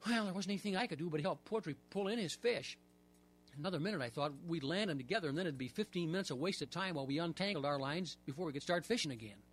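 A man reading a children's story aloud, with expressive, lively storytelling. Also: fairly high pitch.

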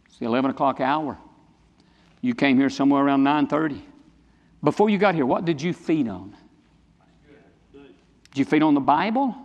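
A male pastor preaching a sermon in a church sanctuary, emphatic and repetitive, swinging between low and high passages. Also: a little mellow, muffled recording. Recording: long church reverb.

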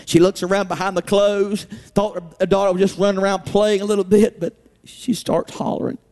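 A male preacher delivering an impassioned sermon, breaking into sudden shouts and dramatic swings in delivery. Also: high-pitched, little pitch movement, a little fast. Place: church.

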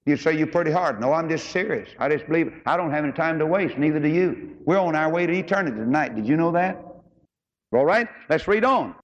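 Folksy preacher in a reverberant hall. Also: male voice, animated. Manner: folksy preaching, swells high and slow on scripture. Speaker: pastor. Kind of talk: sermon. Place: church auditorium. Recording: dull recording in a large reverberant hall.

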